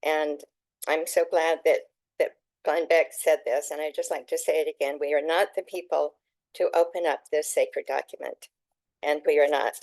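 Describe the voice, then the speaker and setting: A woman author at a meeting, reading aloud from her own book in an earnest, emotional way, with halting restarts. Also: low-pitched, darkish tone, no room sound, low-quality recording.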